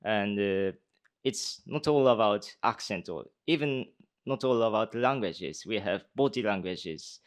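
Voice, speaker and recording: Slow, halting young man. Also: lowish voice, expressive. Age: young adult. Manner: halting, many pauses and fillers. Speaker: speech contestant answering judges. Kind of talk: live Q&A answers.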